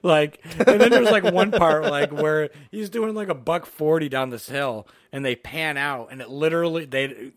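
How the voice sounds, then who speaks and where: A middle-aged man co-hosting a podcast, chatting casually and telling rambling, profane, animated movie stories into a close mic. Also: on the high side, normal speed, few pauses, no echo. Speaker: podcast co-host. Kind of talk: casual chat about movies.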